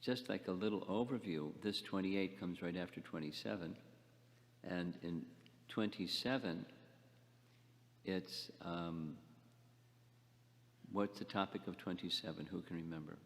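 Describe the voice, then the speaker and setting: Deep-voiced older man teaching a scripture class. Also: long reverb tail. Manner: halting, repeats words, asks the class questions. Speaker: spiritual teacher.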